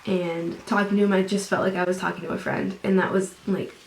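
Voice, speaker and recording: A young woman from the United States telling a fan story to camera in a chatty way, with "like" in most sentences and quotes acted out in a higher voice. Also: level tone, a little fast, creaky, reverberant, a little hiss or hum, poor audio. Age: young adult. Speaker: vlogger.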